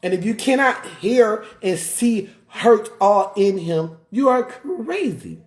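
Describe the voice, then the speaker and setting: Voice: medium pitch, expressive, slow pace, a little mellow. A live streamer ranting in heated commentary, repeating points, firing off rhetorical questions and breaking off to greet viewers. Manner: emphatic, repetitive, rhetorical questions; greets viewers mid-rant.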